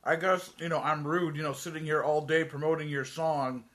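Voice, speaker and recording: A man's voice: a little high, fairly even intonation, moderate pace, a bit bright. A man co-hosting a podcast in casual chat, throwing in joking, sarcastic asides. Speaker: podcast co-host.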